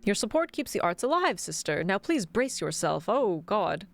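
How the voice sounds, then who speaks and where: A woman's voice: mid-range voice, big pitch swings, normal speed, vocal fry. A woman streamer giving playful, giggly let's play commentary with jokey asides. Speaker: game streamer.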